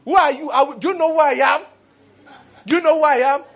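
A man acting out a hot-tempered grown man who shouts threats while picking a street fight. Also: extremely high pitch, sing-song, fast, husky, pitched above the performer's own voice, full character voice. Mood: boastful. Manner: shouting threats, boastful and aggressive.

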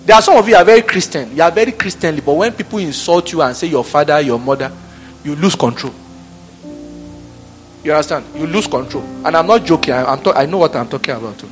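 High-voiced preacher man. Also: quick pace, faint music behind. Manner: animated, laughing, acting out office scenes. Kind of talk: sermon.

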